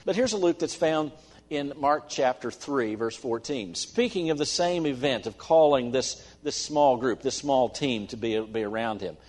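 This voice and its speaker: A middle-aged man preaching a sermon as pastor, earnest, swinging between emphatic stresses and soft asides. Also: medium pitch, lively intonation, moderate pace. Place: church sanctuary. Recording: long church-hall reverb.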